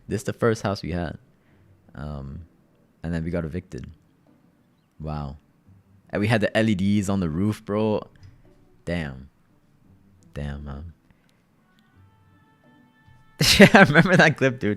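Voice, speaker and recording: A man hosting a livestream, chatting casually with viewers in loose slang and often repeating his phrases. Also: lowish voice. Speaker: livestream host.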